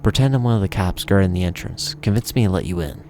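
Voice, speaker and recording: A man voicing a gruff, gravelly older male vampire who talks bluntly and teases. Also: low voice, fast, noisy background. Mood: gruff, sardonic. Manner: blunt, teasing, streetwise.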